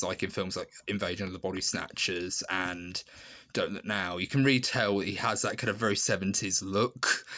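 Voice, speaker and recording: A man's voice: sits low, bright, forceful tone. A man giving a casual spoken review, rambling with lots of ums, restarts and laughing asides. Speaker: film reviewer.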